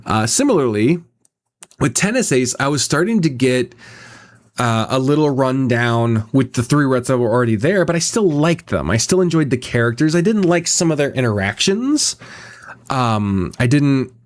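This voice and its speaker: Male streamer, casual live chat, swears a lot, lively pitch swings, mid-pitched. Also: normal speed. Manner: rambling, swears often, reads chat aloud. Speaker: streamer and visual novel voice actor.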